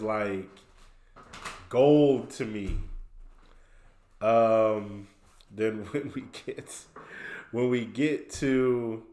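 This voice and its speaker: A man's voice: lowish voice, darkish tone, roomy sound. A man co-hosting a casual podcast, retelling cartoon scenes with quoted voices and laughs. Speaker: podcast co-host.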